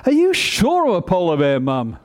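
A man's voice: high voice, huge pitch swings, moderate pace, pitched above the performer's own voice. A man voicing a worried little male polar bear cub who keeps asking questions in a plaintive tone. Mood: pleading.

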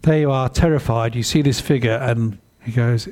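A male preacher delivers a sermon at an ordinary pitch. His tone is mellow and relaxed, and his delivery stays conversational and animated. He keeps stopping to ask his listeners questions. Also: moderate pace.

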